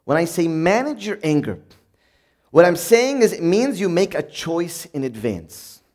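Man, high voice, preacher, conversational sermon, acts out little scenes. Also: sing-song, unhurried. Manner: conversational, acts out everyday moments in a bright upbeat voice.

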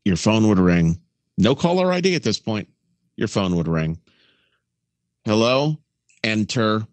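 Low-voiced radio guy telling stories, swoops all over, dry close mic. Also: big pitch swings, normal speed, darkish tone, no room sound. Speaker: podcast co-host; former radio broadcaster. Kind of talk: casual chat.

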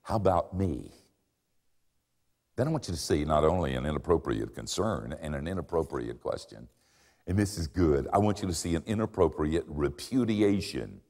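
An older man preaching a sermon with dramatic swings in pitch and volume and wry, self-mocking humor. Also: animated, a little fast, darkish tone. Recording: long hall reverb.

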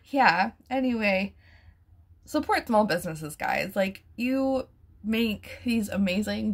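Gushing woman with a gravelly voice. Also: fairly low pitch. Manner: gushing, excitable, casual with fillers and mild swearing. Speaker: vlogger reviewing bath products. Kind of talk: casual unboxing chat.

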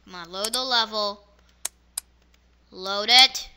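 A woman giving excitable let's-play commentary, yelping at fails and muttering asides. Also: medium pitch, slow. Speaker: gamer. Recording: loud background noise.

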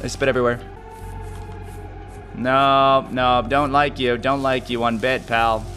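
A man giving casual gameplay commentary, jumpy and excitable, yelping and muttering to himself. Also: medium pitch, a little slow, faint music behind. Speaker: gaming video host.

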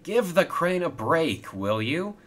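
A man's voice: a little high, sing-song, takes it slowly, fairly bright tone, voice pushed up, heavily acted. A man voicing a grumpy old male steam engine in a toy train storybook video, dry and blunt.

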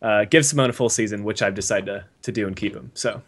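A man, a podcast guest speaking in a measured way as he reads a viewer comment aloud. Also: on the low side, fairly bright tone. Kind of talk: casual podcast chat.

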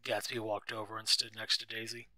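A man's voice: fairly low pitch, completely flat delivery, fairly quick, sharp tone, no room sound, low-quality recording. A man narrating a simplified novel aloud in a plain, simple reading style for young readers. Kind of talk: storybook read-aloud narration.

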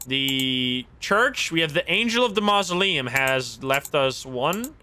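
A young man livestreaming a game, thinking aloud in casual commentary, excitable and quick to laugh and exclaim. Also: fairly high pitch, slight background noise. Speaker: streamer playing a game. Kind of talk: casual live gameplay commentary.

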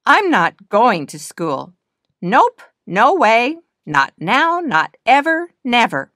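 A jittery little nandu girl, put on by a woman reading aloud, pitched up high and swooping all over as she digs in her heels. Her lines come out anxious and whiny, stubborn refrains of a worried child in a picture book. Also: sing-song, slow pace, fairly bright tone, dry recording, clean studio sound, heavily acted. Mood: stubborn, nervous. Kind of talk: storybook reading.

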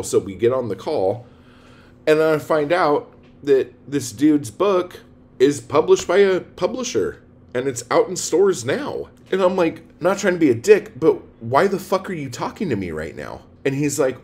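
A blunt, foul-mouthed man ranting straight to his audience about writing and publishing. His pitch leaps around constantly, from grumbling low asides up to loud, exasperated outbursts. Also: big pitch swings, normal speed. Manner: profane, blunt, heated ranting; swings between low mutters and loud outbursts. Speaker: poet and writing coach. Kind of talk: ranting video monologue.

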